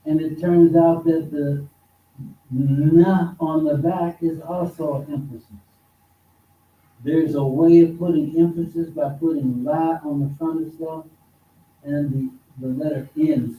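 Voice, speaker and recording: A man teaching an informal religious study class at a mosque, talking slowly and conversationally and repeating words for emphasis. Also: a little high, fairly even intonation, narrow, tinny audio. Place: mosque hall. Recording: echoey hall, distant mic, faint noise.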